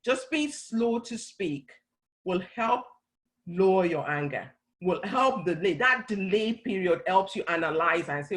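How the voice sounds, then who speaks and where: A woman's voice: on the low side, expressive, a little slow, fairly bright tone, low-quality recording. A middle-aged woman speaking on a church talk panel, earnestly explaining and often restarting her phrases. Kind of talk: conversational teaching talk.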